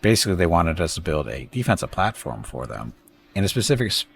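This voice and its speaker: Gravelly low-voiced man streaming a game. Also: very animated, quick pace. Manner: rambling, chatty, thanks viewers, jokes about words. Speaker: streamer playing a space strategy game. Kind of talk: casual live-stream commentary.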